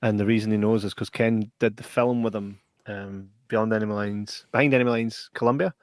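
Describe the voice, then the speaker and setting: A man's voice: fairly low pitch, steady tone, fairly quick, no echo. A man with a Scottish accent co-hosting a podcast, trading easygoing, teasing banter in casual chat. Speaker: podcast co-host.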